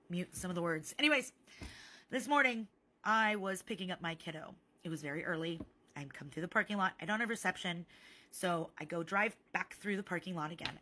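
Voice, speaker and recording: A young woman recording a phone vlog, telling a story in an animated, sarcastic way and swearing freely. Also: medium pitch.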